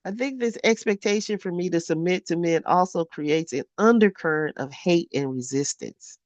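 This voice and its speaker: A woman's voice: fairly low pitch, normal speed, no room sound. A woman in her fifties reading her own journal aloud in a candid vlog. She talks frankly, swears freely and often laughs at herself. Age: 50s. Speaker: vlogger.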